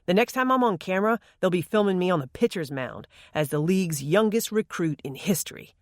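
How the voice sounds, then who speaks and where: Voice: medium pitch, expressive, brisk, no echo, clean studio sound, natural voice. A narrator voicing a boastful, joking teenage boy in an audiobook. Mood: cocky. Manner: boastful, playful. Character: cocky teenage boy, brash joker.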